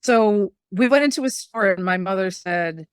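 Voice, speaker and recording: A middle-aged woman, a medium and spiritual teacher, telling stories in a casual, animated way and acting out the voices she quotes. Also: medium pitch, normal speed, clear, resonant tone, no echo, studio quality. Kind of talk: casual storytelling conversation.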